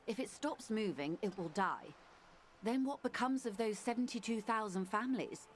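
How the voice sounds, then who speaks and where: An actress voicing a composed, middle-aged corporate negotiator in a video game, speaking in a measured, formal, articulate way. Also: female voice, a little high, expressive, a little hiss or hum, natural voice. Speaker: game character.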